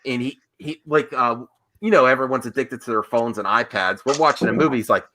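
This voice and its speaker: A man's voice: medium pitch, fairly quick, bright, forceful tone. A man hosting a casual movie podcast, chatting and telling stories with easy laughs. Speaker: host.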